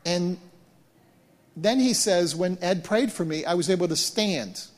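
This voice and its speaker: A man preaching as a pastor, retelling events in an animated way and often repeating words as he restarts. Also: sits high, a little slow. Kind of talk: sermon storytelling. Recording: long hall reverb.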